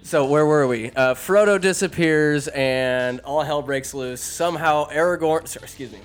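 A man talking through a fantasy movie in a loose, joking recap, his voice sitting a little high. He jumps between wry asides and bursts of excitement, tossing in quick character voices. Faint music plays under his talk. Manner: animated and sarcastic, puts on quick voices for characters. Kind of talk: casual comedic movie recap. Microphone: phone or desk mic, recording alone.

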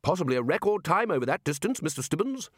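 A man's voice: fairly high pitch, big pitch swings, fast talker, a bit bright, dry recording, studio quality, pitched above the performer's own voice. A man voicing a bluff, hearty old male head wizard with a jovial manner.

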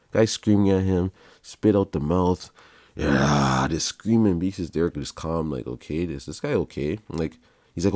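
Low, mellow-voiced podcast storyteller man. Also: no room sound, studio quality. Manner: laid-back, slangy, laughs through stories. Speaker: podcast host. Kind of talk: casual storytelling.

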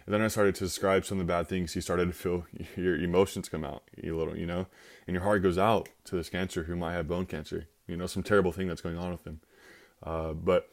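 A man's voice: low voice, little pitch movement, a little fast. A man giving an informal Christian teaching talk, conversational and acting out little scenarios with quoted voices.

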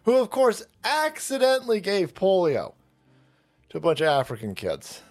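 A man's voice: sits high, wildly swooping pitch, moderate pace, a little mellow. A man with a sarcastic, mocking, profane delivery, hosting a ranting commentary show. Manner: sarcastic, mocking, puts on voices of opponents. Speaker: political commentary host.

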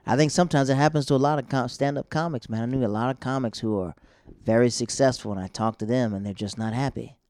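This is a man in his twenties or thirties, a stand-up comedian, chatting casually. His mid-range voice is quick and darkish in tone, and he rambles, often interrupting himself.

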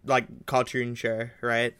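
Smooth-voiced man wrapping up a podcast. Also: mid-range voice, monotone, slow, fairly bright tone, no room sound, studio quality. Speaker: podcast co-host. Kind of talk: casual chat.

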